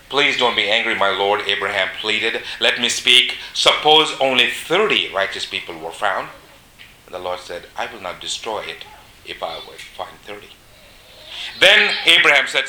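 Male preacher, sermon with scripture reading, bright cutting voice, roomy echo. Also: mid-range voice, a little hiss or hum. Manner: reads scripture aloud, then comments with pauses and fillers. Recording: echoey room.

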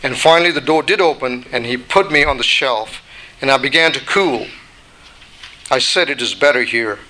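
Brief: man voicing a patient, long-suffering teacup in a storybook parable, bright clear tone. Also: mid-range voice, normal speed, slight background noise, close to an everyday voice, poor audio. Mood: recounting. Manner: plain storytelling read-aloud delivery. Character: little china teacup, once ordinary clay, long-suffering.

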